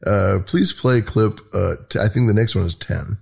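A man's voice: lowish voice, normal speed, vocal fry, a little mellow, husky. A man hosting a podcast, talking in loose, profane, mocking casual commentary with lots of restarts. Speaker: podcast host.

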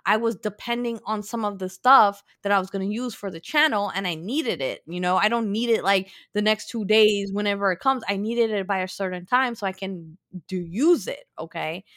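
A woman telling a story in casual chat, animated and acting out both sides. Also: mid-range voice, moderate pace, hardly any pauses, no echo, studio quality. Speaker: podcast co-host.

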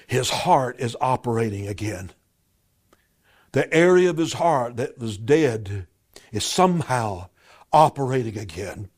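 A middle-aged man preaching a sermon as a pastor, swinging from loud cries to hushed whispers and often repeating words as he starts a sentence. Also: a little high.

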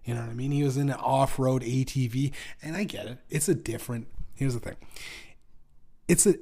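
A young man hosting a solo podcast with a sore throat, ranting in a profane, rambling way that swings between heated outbursts and low mumbling. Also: fairly quick, mellow, husky. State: sore throat, clearing his throat. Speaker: podcast host.

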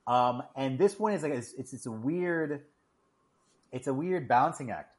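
A man co-hosting a casual podcast, talking haltingly with many restarts. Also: medium pitch, expressive, darkish tone. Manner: halting, repeats words, self-deprecating. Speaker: podcast co-host. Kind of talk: casual chat.

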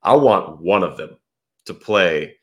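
Low-voiced man telling a story. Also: slow pace. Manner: relaxed storytelling. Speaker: podcast guest, former pro golfer. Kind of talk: casual chat.

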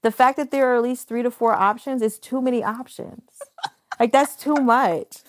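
A young adult woman co-hosting a casual podcast chat, telling lively stories and acting out the dialogue. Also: fairly high pitch, moderate pace. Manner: animated storyteller, acts out dialogue. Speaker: podcast co-host.

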